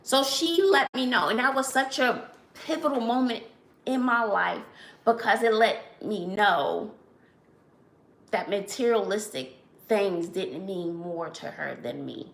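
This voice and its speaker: A woman from Brooklyn, hosting a casual livestream chat and telling lively stories with frequent laughs. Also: mid-range voice, a little slow, vocal fry, reverberant. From Brooklyn, New York. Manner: animated storyteller, laughs often, says "child". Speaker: channel host.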